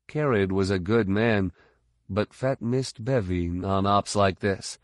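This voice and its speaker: A man narrates an audiobook in a low voice, unhurried and measured. The recording is close and dry, with no room sound at all. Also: no room sound. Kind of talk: scripted narration.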